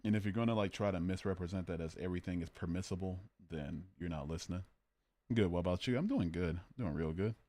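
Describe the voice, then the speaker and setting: A livestream host with a low, warm voice talks quickly in a casual stream. He argues about morality and cracks jokes while reading out his chat.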